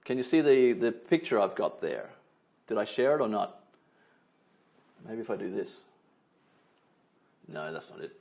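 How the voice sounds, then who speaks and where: A male trainer leads a lively online webinar over a video call with a fairly low pitch and an unhurried pace, leaving long pauses. He still stresses key words and uses tag questions like "right?".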